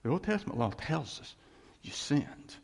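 Preaching with lots of energy, this pastor climbs to loud outbursts and then sinks into quiet asides. He talks at a normal speed in a slightly high, gravelly, husky voice that echoes with the long reverb of the hall.

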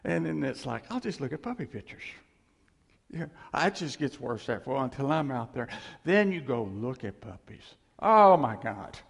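An older man giving a casual, folksy sermon, chuckling often and teasing himself, with a gravelly voice. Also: mid-range voice, sing-song, moderate pace. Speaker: preacher. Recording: reverberant hall.

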